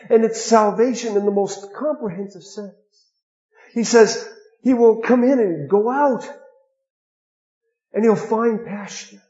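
A man preaching a sermon, earnest, dropping to a hush and then rising to emphatic stress. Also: high-pitched, reverberant, highs cut off. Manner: earnest, with sudden swings between hushed and emphatic.

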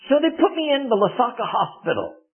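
A man telling a personal missionary travel story as a testimony, with an animated, swooping storyteller's delivery. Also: very high voice, fairly quick, husky. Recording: tinny, phone-like lo-fi recording.

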